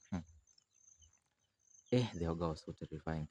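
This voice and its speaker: A man telling a village folk tale outdoors in a rambling, animated, casual way, acting out the figures himself. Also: sits low, moderate pace, long pauses, no room sound. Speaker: storyteller. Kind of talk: casual oral storytelling.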